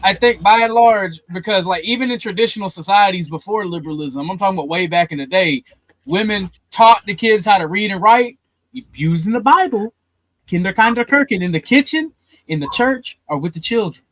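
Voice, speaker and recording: High-voiced blunt man with a Southern drawl. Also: normal speed, fairly bright tone, dry recording, low-quality recording. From Southern United States. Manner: blunt, profane, rambling. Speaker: host. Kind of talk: heated call-in panel talk.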